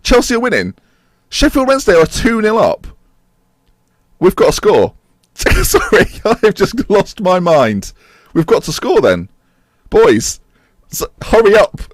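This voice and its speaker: Young man, game commentary, lively swooping voice, dry close sound. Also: high-pitched, unhurried, pauses often, no room sound. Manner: excitable, shouts and laughs at the screen. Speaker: gaming YouTuber and streamer.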